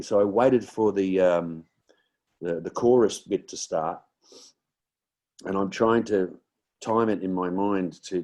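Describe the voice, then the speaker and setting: A sixties-aged Australian comedian, there as a guest, speaks in a low, darkish voice. He rambles through stories in a relaxed chat, with lots of fillers and restarts.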